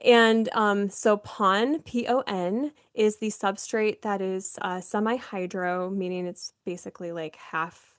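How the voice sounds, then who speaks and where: A woman's voice: medium pitch, fairly even intonation, measured pace, no echo, clean studio sound. A woman from Nebraska co-hosting a podcast, talking in a chatty, rambling way with frequent giggles. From Nebraska, United States. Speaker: podcast co-host. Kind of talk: casual chat.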